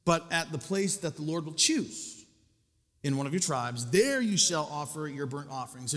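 A man's voice: on the high side, a bit bright, long reverb tail. A male pastor preaching a sermon, conversational and self-deprecating, with casual asides to the congregation.

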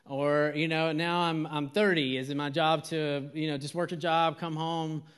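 A man's voice: a little high, little pitch movement, moderate pace, fairly bright tone, clear, resonant tone. A man from Georgia, preaching a casual, conversational sermon full of fillers and restarts.

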